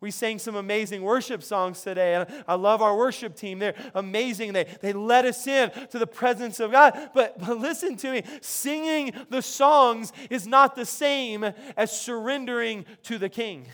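Man, pastor, sermon, unusually high voice, conversational, repeated words and restarts. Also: moderate pace, hardly any pauses, a bit bright. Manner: conversational, frequent word repetitions and restarts.

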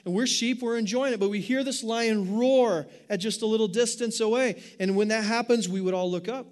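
High-voiced man preaching a lively sermon. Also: fairly quick. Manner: animated preaching with rhetorical questions. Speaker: pastor.

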